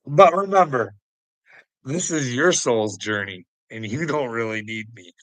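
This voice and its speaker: A man's voice: mid-range voice, measured pace, fairly bright tone, dry recording, low-quality recording. A man ranting casually to a critic, taunting him with profanity and frequent chuckles. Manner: mocking, chuckling often, calls the listener "bud". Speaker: vlogger answering a critic. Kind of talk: casual rambling rant.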